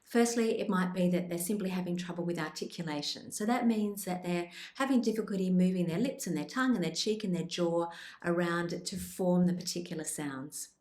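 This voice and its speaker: A woman speech pathologist presenting tips in an instructional video, with a calm, clear explanatory delivery. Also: lowish voice, a little fast, echoey room. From Australia.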